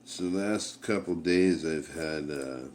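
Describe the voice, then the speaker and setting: Middle-aged vlogger, slow rambling talk, faint hiss behind, recorded at home on a camera mic. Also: male voice, a bass voice, a little mellow. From Canada. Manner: rambling, halting, many fillers and restarts. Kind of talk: casual rambling vlog.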